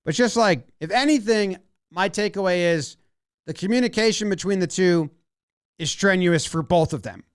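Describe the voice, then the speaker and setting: Brief: male baseball analyst, high, bouncy voice, dry close sound, playful play-by-play breakdown. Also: normal speed, clear, resonant tone, no echo. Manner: animated, acts out players' imagined lines.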